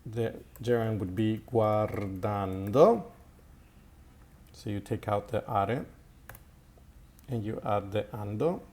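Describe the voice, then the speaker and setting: A man talks through an Italian grammar lesson slowly and unhurriedly, stopping often with fillers and repeating himself. His voice sits fairly low. The steady click of typing runs faintly behind him. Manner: slow and halting, with many fillers and repetitions. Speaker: Italian teacher. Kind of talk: recorded language lesson.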